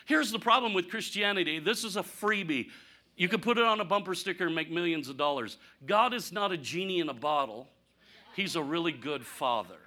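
A man preaching a conversational sermon, candid and humorous, asking rhetorical questions and swinging from punchy lines to near-quiet asides. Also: high voice, a little fast. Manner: animated, rhetorical questions, sudden drops to quiet; candid, self-deprecating humor. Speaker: pastor.

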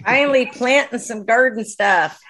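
A woman's voice: on the high side, moderate pace, a bit bright. A woman chatting casually on a podcast, talking loosely about what she has been watching. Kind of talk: casual chat.

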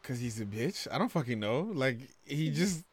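A man from Nigeria, telling stories in a casual, animated way, swearing freely and getting loud when he retells arguments. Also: medium pitch, normal speed, a crowd in the background. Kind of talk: casual storytelling chat.

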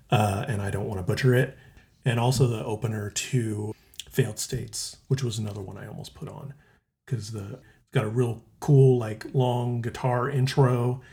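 A man hosting a podcast in casual chat, easygoing and quick to chuckle. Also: medium pitch, dark tone. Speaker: podcast host.

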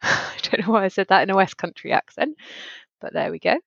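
A woman's voice: mid-range voice, fast, gravelly, a bit bright, no echo, highs cut off. A woman co-hosting a podcast, chatting casually and laughing easily. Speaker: podcast co-host.

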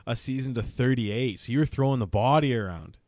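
A man hosting an interview podcast, excitedly reading out a guest's stats in casual chat. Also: medium pitch, brisk, no room sound, clean studio sound. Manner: enthusiastic, reads out stats. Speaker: podcast host.

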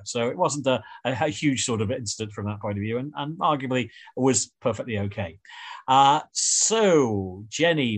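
A man hosting a podcast, rambling and hesitant with many fillers as he reviews a TV episode. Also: mid-range voice. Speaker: podcast host. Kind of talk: casual review chat.

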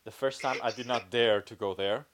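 Male podcast co-host, average pitch, relaxed joking delivery that drifts off. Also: moderate pace, background noise. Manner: laid-back, jokey, trails off. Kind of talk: casual chat.

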